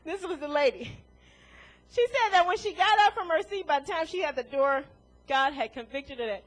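A woman delivers a sermon in a very high voice. She preaches in an animated way, laughs often and acts out the voices she quotes. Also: normal speed, rough recording.

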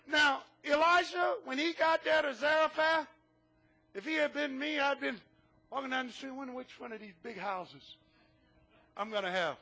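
A pastor man preaches with a strikingly high, bright voice edged with gravelly fry. He moves between animated shouting and joking asides. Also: normal speed. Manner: humorous asides. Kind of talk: sermon.

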